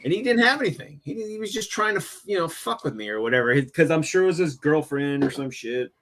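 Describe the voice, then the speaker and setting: A man on a casual live stream tells a story with plenty of swearing. His voice sits somewhat high, and he throws himself into the angry lines he quotes. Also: fast. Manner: profane, animated, acts out angry quotes. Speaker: stream host.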